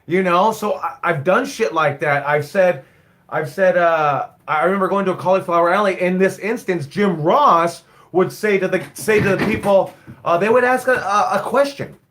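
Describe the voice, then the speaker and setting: A man's voice: sits high, moderate pace, a bit bright. A man in his forties, a wrestling coach, rambling bluntly and swearing freely in a casual live stream. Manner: blunt, profane, rambling storyteller. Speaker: wrestling school owner and head coach.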